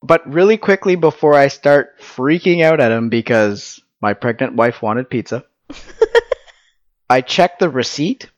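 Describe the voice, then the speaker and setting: A man chatting casually with his wife on a vlog, laughing often as he tells an animated story. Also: mid-range voice, measured pace, no room sound, muffled recording. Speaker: vlogger, husband. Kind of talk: casual couple chat.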